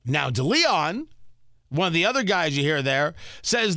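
A man's voice: on the high side, very animated, unhurried, sharp tone, no room sound. A man hosting a talk radio show, giving indignant, sarcastic commentary into a studio microphone.

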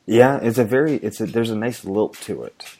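A man chatting casually on a podcast, giving thoughtful, measured replies. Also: on the low side, warm tone, slightly rough. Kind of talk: casual chat.

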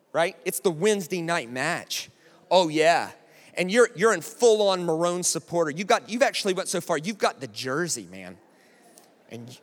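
High-voiced American man preaching. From United States. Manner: conversational, animated, keeps asking "right?". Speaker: pastor. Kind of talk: sermon. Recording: long hall reverb.

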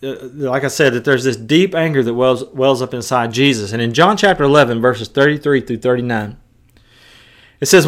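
A man's voice: mid-range voice, normal speed. A male preacher giving a sermon, emphatic and conversational, mixing scripture with colloquial asides.

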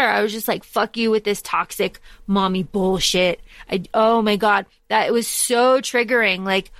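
A woman's voice: medium pitch, steady tone, normal speed, hardly any pauses, fairly bright tone, dry recording. A woman co-hosting a book podcast in casual chat, blunt and swearing freely, acting out scenes as she retells them. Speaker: podcast co-host.

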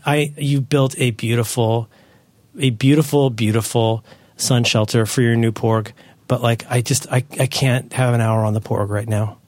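A man hosting a podcast, chatting casually as a parent, rambling and correcting himself as he tells animated stories. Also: medium pitch, moderate pace, dry recording. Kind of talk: casual chat.

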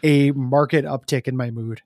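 A man co-hosting a casual gaming podcast, talking in halting bursts with fillers, restarts and frequent laughs. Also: medium pitch, fairly even intonation, darkish tone, no echo, studio quality. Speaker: podcast co-host. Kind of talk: casual chat.

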